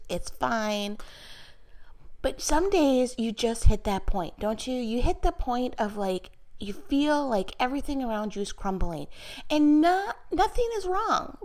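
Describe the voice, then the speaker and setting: A chatty middle-aged woman with a slightly high voice tells a personal story in a casual vlog. She sounds candid and pokes fun at herself as she shares a faith-based reflection. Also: creaky. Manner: chatty and candid, with light self-mockery. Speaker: mother sharing a personal story.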